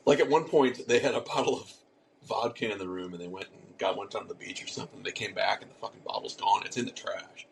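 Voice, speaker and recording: A man's voice: fairly low pitch, quick pace, gravelly, slight background noise, poor audio. A man co-hosting a casual podcast, telling a rambling story with casual swearing and lots of restarts. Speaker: podcast co-host.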